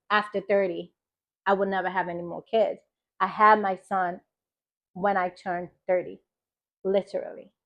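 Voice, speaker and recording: An American woman in her thirties tells a personal testimony of faith. She speaks in a mid-pitched voice, emphatic and animated, and acts out the words of the people in her story. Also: dull audio. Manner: expressive, emphatic, animated quoting of others. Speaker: faith podcast host.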